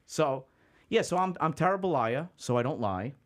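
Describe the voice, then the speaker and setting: A man hosting a podcast, chatting casually with his guest, halting often with fillers and swearing freely. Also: on the high side, lively intonation. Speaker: podcast host. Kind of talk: casual interview chat.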